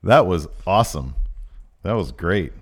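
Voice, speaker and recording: Rambling man on a podcast. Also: a little slow. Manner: rambling, filler-heavy, animated jumps in pitch. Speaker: podcast co-host. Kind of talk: casual wrestling podcast chat.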